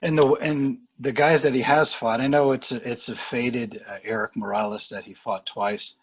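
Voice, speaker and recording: A man talking boxing in a casual podcast chat, rambling and halting with lots of fillers and restarts. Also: medium pitch, steady tone, slightly rough, poor audio. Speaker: boxing analyst guest.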